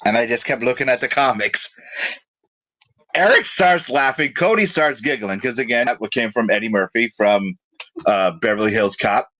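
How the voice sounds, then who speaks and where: A man in the middle of a casual live-stream chat, rambling through an anecdote. His pitch sits in an ordinary middle range, and he stops to answer viewers' comments before picking the story back up. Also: normal speed, pushed and bright. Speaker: co-host of a live web show.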